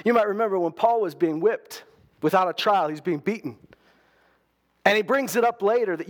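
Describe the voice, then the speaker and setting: A man with a notably high speaking voice preaches a sermon like a conversation. He restarts phrases as he goes and slips into quoted voices to tell the story. The delivery is loose and spoken rather than read. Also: normal speed. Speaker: pastor.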